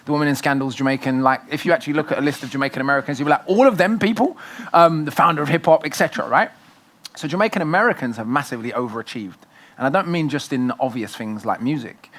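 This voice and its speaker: Man, author guest at a festival, quick, forceful, argumentative delivery. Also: mid-range voice. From Britain. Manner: fast, emphatic, argumentative storytelling. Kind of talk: festival conversation.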